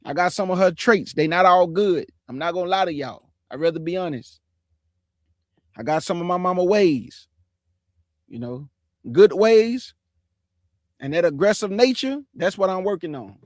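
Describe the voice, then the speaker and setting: A man in his forties hosting a livestream, talking bluntly and casually in slangy, animated speech. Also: high voice, moderate pace, pauses often, no room sound, studio quality. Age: 40s. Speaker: livestream host.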